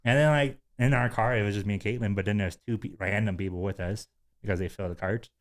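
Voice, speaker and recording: A man with a fairly low voice tells a long, rambling story on a casual podcast. He fills his talk with likes and ums and breaks into giggles often. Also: steady tone, fast talker. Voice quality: giggly, rambling with many fillers. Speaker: podcast host.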